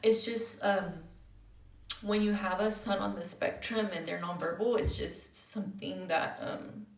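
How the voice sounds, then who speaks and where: A woman's voice: medium pitch, fairly even intonation, measured pace, recorded from a distance. A young woman livestreaming with viewers, talking candidly and close to tears, blunt and profane, with Spanish words mixed into her speech and lots of fillers. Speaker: livestreamer answering viewer comments. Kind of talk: candid emotional livestream chat. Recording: roomy sound, away from the mic.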